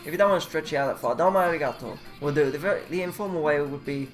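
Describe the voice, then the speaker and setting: Guy mumbling thru japanese phrases at his computer, kinda high voice, faint music behind. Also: very fast. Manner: rambling, swears, mumbles while reading aloud. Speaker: vlogger. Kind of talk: casual self-taught language study.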